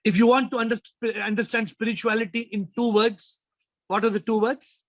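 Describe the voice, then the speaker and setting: A man's voice: high voice, steady tone, moderate pace, no echo, dull audio. A man hosting a spiritual Q&A over a video call, emphatic and fond of rhetorical questions.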